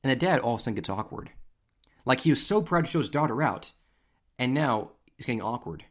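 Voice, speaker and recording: A man hosting a podcast, telling stories in a casual, animated, conversational way. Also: mid-range voice, brisk. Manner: animated, conversational, acts out scenes. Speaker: podcast host. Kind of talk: casual storytelling.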